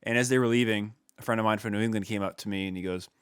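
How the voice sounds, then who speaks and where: A man's voice: fairly low pitch, fairly even intonation, racing, clean tone, no room sound. Man with a Mid-Atlantic accent, podcast co-host, rambling anecdotes, dry close sound. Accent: Mid-Atlantic US (Maryland). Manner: meandering, laughs at own stories. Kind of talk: casual storytelling chat.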